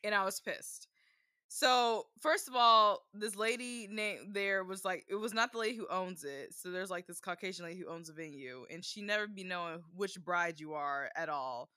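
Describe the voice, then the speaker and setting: A woman with a medium-pitched, pushed and bright voice speaks at a moderate pace in clean studio sound with no room echo. She's a bride co-hosting a podcast, telling a story in a casual chat full of "like" and loose, chatty phrasing.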